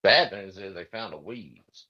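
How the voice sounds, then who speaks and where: A man co-hosting a podcast, chatting casually with jokey, quick interjections. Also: lowish voice, a crowd in the background. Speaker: podcast co-host. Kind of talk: casual conversational chat. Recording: dull lo-fi sound.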